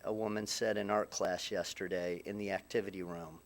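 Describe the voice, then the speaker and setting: A middle-aged man with a lowish voice delivers a eulogy in a funeral chapel. He speaks haltingly, restarting phrases and pausing often, and his voice catches with emotion. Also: fairly even intonation. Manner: halting, with frequent restarts and pauses. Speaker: son giving a eulogy.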